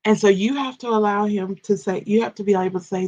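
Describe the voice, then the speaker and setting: A woman's voice: mid-range voice, fast, a little mellow, muffled recording. A woman coaching and ministering in a live morning devotional, addressing her listeners directly, with repetition and stammered restarts.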